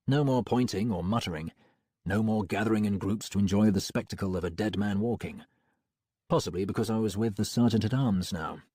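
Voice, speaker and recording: Husky, warm-toned male audiobook narrator. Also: on the low side, dry recording, clean studio sound. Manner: wry, expressive first-person storytelling. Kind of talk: scripted narration.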